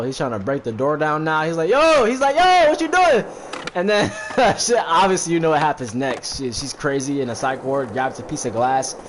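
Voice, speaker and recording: A man's voice: medium pitch, a little hiss or hum. A man casually retelling a movie plot in slangy, profane speech, full of fillers and asides. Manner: rambling, heavy fillers, profane. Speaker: streamer recapping a movie while gaming.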